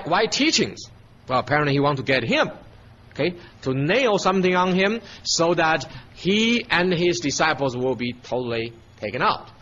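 Animated man teaching scripture. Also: on the high side, lo-fi sound, slight background noise. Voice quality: emphatic, checks in with frequent "okay?". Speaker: Bible teacher. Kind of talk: verse-by-verse Bible teaching.

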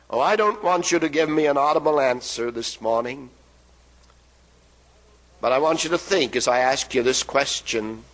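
A man's voice: mid-range voice, expressive, fairly bright tone, poor audio. A man preaching a sermon in an emphatic way, drawing out phrases and letting them fall at the ends. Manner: emphatic, drawn-out phrases with falling endings.

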